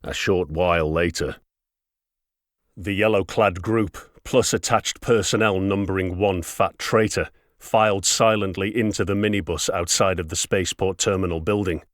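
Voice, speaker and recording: A man narrating a science fiction audiobook in a steady, wry storytelling manner. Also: low-pitched, moderate pace, no room sound, studio quality. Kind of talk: scripted narration.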